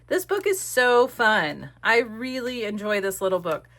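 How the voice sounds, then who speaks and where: A woman's voice: mid-range voice, lively intonation, normal speed, hardly any pauses, fairly bright tone. A woman chatting casually and rambling with many fillers in a crafting vlog, recorded at home on a desk camera. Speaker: crafting vlogger.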